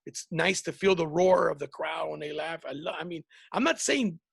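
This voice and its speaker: A comedian man hosts a podcast, his voice sitting high with a gravelly, husky texture. He talks loosely and profanely, circling back through restarts as he tells his stories. The sound is close and dry, with no room around it. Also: moderate pace, fairly bright tone, dry recording. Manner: profane, rambling storytelling with many restarts. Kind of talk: casual chat.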